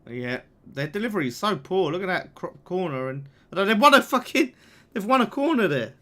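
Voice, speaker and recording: A young man talks through a live match watchalong in a bright, forceful voice that sits a little high. He chats casually, swears freely and reacts out loud to every attack and corner. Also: big pitch swings, a little fast. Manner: chatty, swears, reacts loudly to the game and reads super chats. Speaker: fan channel watchalong host.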